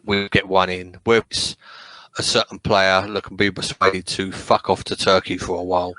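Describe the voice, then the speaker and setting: A man's voice: low-pitched, flat delivery, moderate pace, sharp tone, no room sound, low-quality recording. A man from England chatting casually about football on a podcast, rambling and swearing freely. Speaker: podcast co-host.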